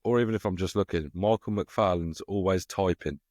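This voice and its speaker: Male co-host with a very deep voice, steady and unhurried, dry close mic. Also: no room sound. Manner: steady, unhurried, reads names out slowly. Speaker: co-host of a darts podcast. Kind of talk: casual chat.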